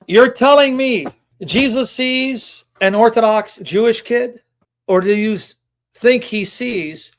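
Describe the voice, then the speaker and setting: Impassioned man pleading with rhetorical questions. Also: high voice. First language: Assyrian. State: emotional, near tears. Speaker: Christian apologist. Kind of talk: emotional personal reflection.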